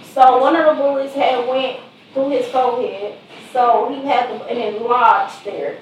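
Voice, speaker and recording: A woman's voice: on the high side, fairly even intonation, a little slow, a little hiss or hum. Middle-aged woman, distant in an echoey room. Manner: earnest, conversational storytelling. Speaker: mother of a murder victim. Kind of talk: personal testimony. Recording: very echoey room, distant mic, faint ambience.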